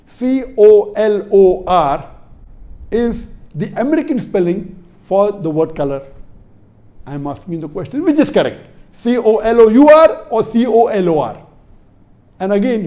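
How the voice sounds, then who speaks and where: A man's voice: sits high, dark tone. A man from India giving a religious lecture to an audience, emphatic and repetitive, putting questions to the listeners and spelling words out letter by letter. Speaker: Islamic preacher.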